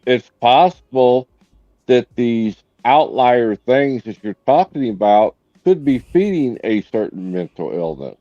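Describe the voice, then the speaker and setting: A man's voice: medium pitch, sing-song, unhurried, dry recording, dull audio. A man from Tennessee calling into a livestream, making dry, joking remarks. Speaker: call-in guest. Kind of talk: casual livestream chat.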